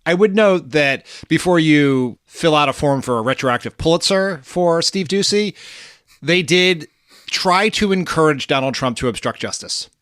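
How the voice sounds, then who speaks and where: A man co-hosting a casual political podcast, wry and deadpan. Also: fairly high pitch, normal speed, no room sound, studio quality. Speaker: co-host.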